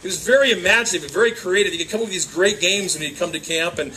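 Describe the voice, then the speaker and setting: A man's voice: sits high, racing. A man giving a youth talk to kids at a camp, telling stories and acting out voices. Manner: animated storyteller acting out voices. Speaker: camp speaker. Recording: distant camcorder mic with faint room noise.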